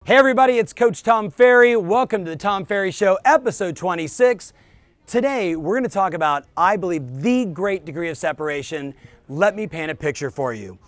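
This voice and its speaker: High, animated man coaching. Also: no echo. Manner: energetic, emphatic, speaks directly to the viewer. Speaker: real estate business coach and show host. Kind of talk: motivational coaching talk to camera.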